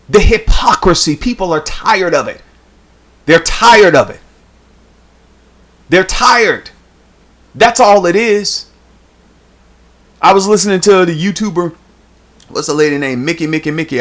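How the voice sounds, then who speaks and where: A woman's voice: medium pitch, expressive, normal speed, pauses often, a bit bright. Woman preaching hard in commentary. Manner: emphatic, preaching cadence with repeated phrases; casual, colloquial address to viewers. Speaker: YouTube commentator.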